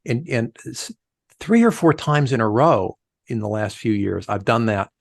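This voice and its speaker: A man's voice: mid-range voice, a little slow, creaky, no room sound. A middle-aged man, a leadership coach guesting on a podcast, talks it through and acts out the voices of the people in his stories. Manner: animated storyteller, acts out quoted voices. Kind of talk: conversational podcast interview.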